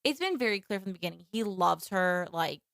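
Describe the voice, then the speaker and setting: A woman's voice: fairly low pitch, lively intonation, a little fast, vocal fry, a bit bright, dry recording, studio quality. A woman co-hosting a podcast, chatting about a film in an agreeing, empathetic way. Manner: agreeing, empathetic back-and-forth. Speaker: podcast co-host. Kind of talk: casual movie discussion.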